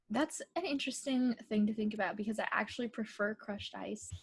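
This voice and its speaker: A woman's voice: mid-range voice, normal speed, slightly rough. A young woman co-hosting a casual podcast, talking in a chatty way with lots of fillers and frequent laughs. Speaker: podcast co-host. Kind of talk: casual chat.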